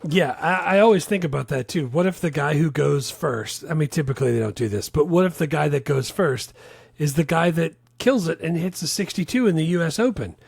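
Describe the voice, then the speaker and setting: A man's voice: on the high side, animated, brisk, vocal fry, breathy edge. A man co-hosting a podcast in casual movie chat, laid-back, laughing often and saying "dude" a lot. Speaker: podcast co-host.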